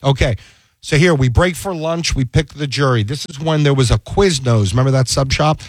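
A man's voice: medium pitch, a little fast, dry recording. A man, a defense attorney, telling stories in a casual chat and acting out the dialogue he quotes. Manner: animated storyteller, acts out quoted dialogue.

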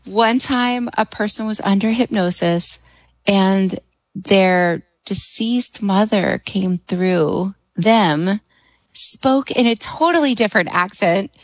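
A woman's voice: mid-range voice, takes it slowly, no room sound, rough recording. A woman guest on a radio talk show, speaking as a hypnotherapist in an enthusiastic, chatty way and laughing often.

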